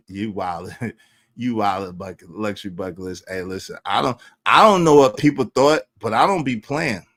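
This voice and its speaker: Middle-aged man, stream host, combative rant, bright ringing tone, dry close sound. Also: fairly low pitch, unhurried, no echo. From Brooklyn, New York. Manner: confrontational, repeats phrases for emphasis, swings loud. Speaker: livestream host. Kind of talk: heated livestream rant.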